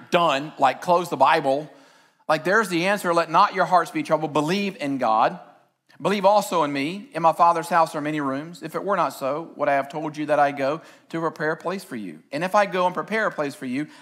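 A man pastor delivering a sermon from a church stage. His voice sits high and rings bright and forceful. He mixes scripture reading with excited, shouted storytelling.

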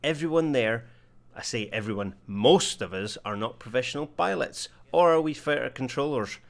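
A man's voice: mid-range voice, animated, normal speed, creaky. Blunt male narrator reading out rules, direct and firm. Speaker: flight sim YouTuber.

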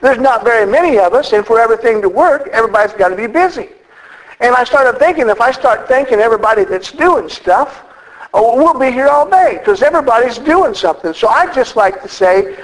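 A man preaching a sermon in a folksy, joking way. His voice is high for a man and swings widely in pitch as he tells a story. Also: animated, a little fast, rough recording. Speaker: minister.

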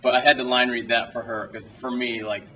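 A man's voice: medium pitch, fairly even intonation, fairly quick, sharp tone, distant mic, a little hiss or hum, rough recording. A young man answering audience questions after a film screening, telling loose anecdotes, restarting sentences and laughing often. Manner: rambling, self-interrupting, laughs often. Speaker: filmmaker at a screening Q&A. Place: cinema auditorium, small audience.

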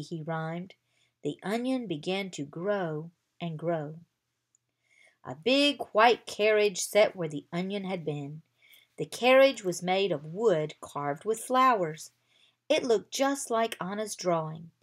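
Slow-reading woman storyteller. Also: on the low side, lively intonation. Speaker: reader. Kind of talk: reading a children's book aloud.

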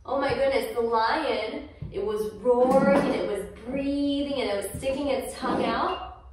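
Woman, gentle toddler-yoga teacher, sing-song, higher voice, recorded far off in an echoey room. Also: a little slow, noisy background. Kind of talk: toddler yoga class instruction.

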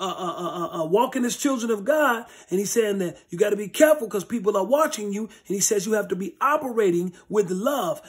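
A man with a husky, breathy edge to his voice leads an informal Bible study. He preaches in blunt, street-level language and hammers his points home by repeating phrases. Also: sits high. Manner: emphatic, repeats phrases for stress.

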